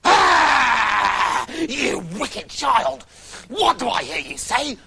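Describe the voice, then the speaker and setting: A furious old witch with a shrieking cackle, high and swooping wildly in pitch as she rants and yells, put on by a storyteller. Her voice is bright and gravelly, full of spite. She sounds like a villain from a comic storybook. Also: huge pitch swings, drawn-out words, background noise, full character voice. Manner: ranting in bursts of shouting.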